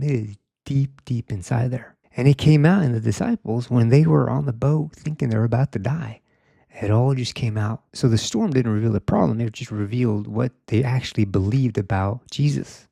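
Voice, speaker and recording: Young male preacher, casual talk, gravelly and mellow, dry close sound. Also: mid-range voice, no room sound. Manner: conversational, uses "like" often, acts out quotes. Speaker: speaker. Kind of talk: casual sermon.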